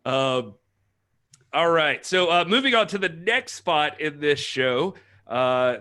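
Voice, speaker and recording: A man's voice: fairly high pitch, lively intonation, slow pace. A man hosting a wrestling podcast in casual chat, reading out chat messages and laughing often. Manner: laughing, reads chat shout-outs, does impressions. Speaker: podcast host.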